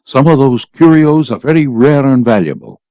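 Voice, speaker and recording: A man reading a story aloud and voicing a gruff, irritable father back from the war, shouting and snarling. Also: mid-range voice, very animated, normal speed, no room sound, lo-fi sound. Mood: growling.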